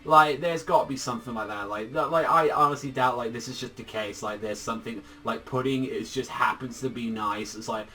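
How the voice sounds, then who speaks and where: A man's voice: medium pitch, a little fast, few pauses, pushed and bright. Young male manga reviewer, casual and profane, lots of "like", mic a bit far off. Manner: loose and profane, heavy on filler "like".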